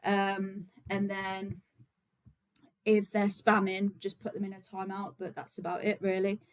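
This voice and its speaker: A woman talks casually to her livestream viewers, in a relaxed, rambling way with plenty of fillers. Her voice sits at a middle pitch, neither high nor low for a woman. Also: a little slow, low-quality recording. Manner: chatty and relaxed, many fillers, frequent laughs. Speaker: vegan activist livestream host.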